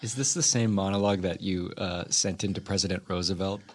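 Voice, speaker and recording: A man's voice: low-pitched, a little fast. A man hosting an interview podcast, asking his guest questions in an admiring, eager way. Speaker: podcast host.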